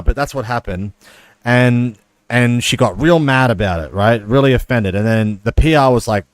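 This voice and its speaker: A man's voice: mid-range voice, normal speed, dry recording. A man streaming chess, chatting casually and telling a long profane story full of fillers. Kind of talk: casual stream chat while playing chess.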